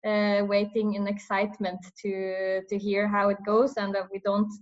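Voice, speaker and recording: A woman's voice: medium pitch, monotone, normal speed. A woman asking an interview guest questions, hesitant and restarting her sentences. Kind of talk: online panel interview. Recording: dull lo-fi sound.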